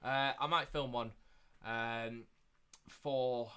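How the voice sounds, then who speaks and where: A young man hosting a live watchalong stream, chatting casually and repeating himself, getting loud and excited at big moments. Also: mid-range voice, extremely slow, smooth. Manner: excitable, repeats phrases, shouts when thrilled.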